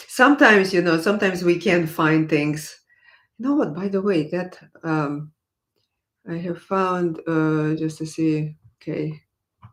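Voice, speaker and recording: A deep-voiced woman, a violin professor, teaches on a live stream and answers viewers' questions. She's chatty and encouraging, with plenty of fillers and restarts.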